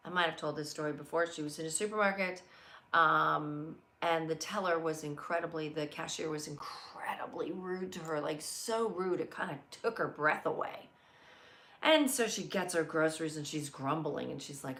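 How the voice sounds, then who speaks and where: An earnest middle-aged woman hosts a live motivational talk, her low voice carrying a gravelly edge. She tells stories and answers viewer comments in a heartfelt, searching way. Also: moderate pace, fairly bright tone. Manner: earnest, storytelling, reads viewer comments aloud. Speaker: host of a live inspirational show.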